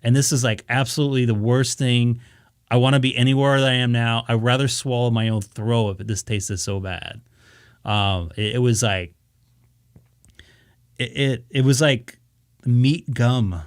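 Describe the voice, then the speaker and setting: Man, casual storyteller, animated, dry close sound, mid pitch. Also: measured pace, no echo. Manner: animated, acts out his own reactions, many restarts. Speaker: ham radio live streamer. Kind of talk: casual storytelling on a live stream.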